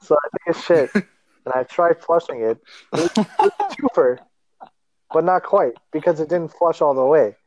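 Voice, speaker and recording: Young male podcast co-host, animated storyteller who acts out voices, dry close sound. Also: on the high side, moderate pace, dry recording, poor audio. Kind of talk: casual chat.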